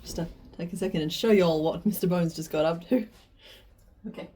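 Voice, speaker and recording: A woman's voice: on the low side, fairly quick, warm tone. A woman hosting a crochet video, chatting playfully and giggling with her partner. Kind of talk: casual chat.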